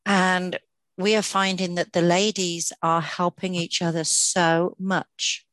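A woman's voice: lowish voice, level tone, slow pace, a bit bright, no room sound. A woman co-hosting a podcast, talking in an earnest, chatty way with many fillers and restarts. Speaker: podcast co-host. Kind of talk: casual podcast chat.

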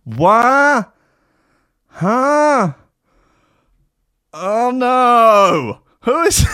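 A man's voice: fairly low pitch, dry recording, studio quality. A man hosting a casual streamed podcast, rambling and sweary, with a mocking manner. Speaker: podcast host. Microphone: headphones and desk mic.

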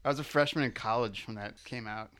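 A man's voice: mid-range voice, fairly bright tone, slight background noise. A man in his thirties co-hosting and interviewing in casual chat, teasing and playful. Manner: playful, teasing, quick jokes. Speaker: podcast co-host and interviewer.

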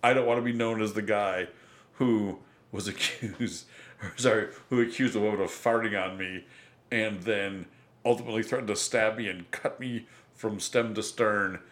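An embarrassed man talks defensively as he refuses to press charges, as a podcast host quotes him. He sounds flat and close to an everyday voice. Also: lowish voice, moderate pace, natural voice.

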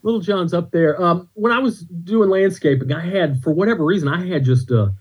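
A man's voice: sits high, moderate pace, slightly rough, low-quality recording. A man, a comedian on a podcast, telling rambling stories in a casual chat with restarts. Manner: rambling anecdotes with restarts and laughs.

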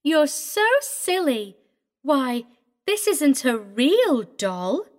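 A man's voice: very high voice, big pitch swings, very slow, pitched above the performer's own voice, full character voice. A man voicing a sly, sinister eight-year-old girl who lisps and giggles. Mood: giggly. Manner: lisping, giggly, taunting. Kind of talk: audiobook reading.

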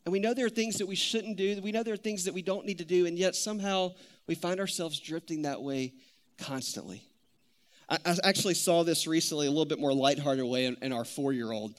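A man in his thirties preaching a sermon, telling stories in an animated, conversational way. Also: a little high, fairly quick. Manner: animated storytelling, conversational with many "like"s. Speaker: pastor.

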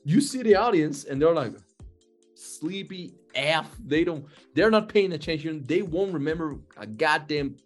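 A man's voice: a little high, expressive, moderate pace, few pauses, faint music behind. A man hosting a casual podcast chat, rambling and profane, laughing often as he asks questions.

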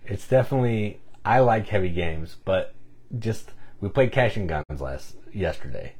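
Guy cohost with a really low husky voice, dry teasing, explains game rules. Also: animated, normal speed, darkish tone. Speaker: board game podcast co-host. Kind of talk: casual chat.

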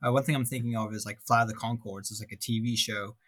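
A man's voice: lowish voice, steady tone, fast talker, fairly bright tone. A man co-hosting a podcast in casual chat, thinking aloud with frequent restarts. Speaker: podcast co-host.

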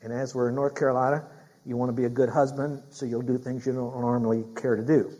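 A man's voice: mid-range voice, little pitch movement, fast talker, mellow, dull audio. A middle-aged man preaching a sermon as a pastor. He speaks emphatically, repeats his key phrases and puts questions straight to the congregation.

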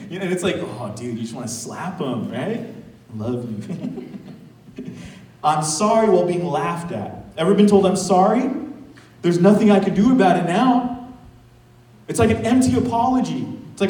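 A man preaching as pastor in a conversational, animated way, with casual asides and laughter. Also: high-pitched, moderate pace, reverberant, distant mic, rough recording. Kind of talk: sermon. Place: church sanctuary.

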